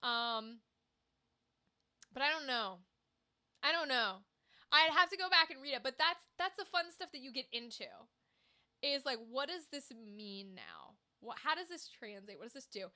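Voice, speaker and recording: A woman's voice: sits high, normal speed, pauses often. A woman hosting a livestream, animatedly ranting in casual talk and swearing while chatting with viewers. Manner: animated, swearing, talks to chat. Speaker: livestream host.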